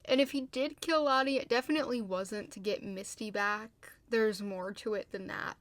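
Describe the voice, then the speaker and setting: A young woman casually recapping a TV episode, talking fast with lots of fillers, a little tired but getting heated in her asides. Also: medium pitch, fairly bright tone, no room sound. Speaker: video host.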